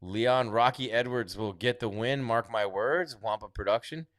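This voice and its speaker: A man's voice: mid-range voice, moderate pace, no room sound, studio quality. Chatty man hosting a live fight stream. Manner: chatty, reads viewer comments aloud, trails off quietly. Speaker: livestream host reading chat. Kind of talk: casual live-stream commentary.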